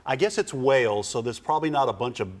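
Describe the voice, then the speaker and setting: A man's voice: mid-range voice, a little fast, vocal fry. A man co-hosting a casual chat about news headlines, joking with dry asides. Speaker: co-host.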